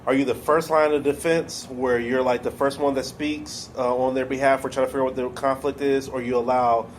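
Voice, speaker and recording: A man's voice: medium pitch, little pitch movement, fairly quick. Casual man asking questions. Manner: loose, hesitant questioning. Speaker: podcast host asking questions. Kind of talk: casual interview chat. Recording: faint background noise.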